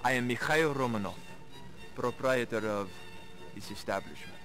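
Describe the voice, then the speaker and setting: An actor with a Russian accent playing a formal, courtly gallery owner in a 1990s game video. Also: male voice, medium pitch, normal speed, fairly bright tone, faint music behind, lightly acted. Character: suave middle-aged male Russian art gallery owner.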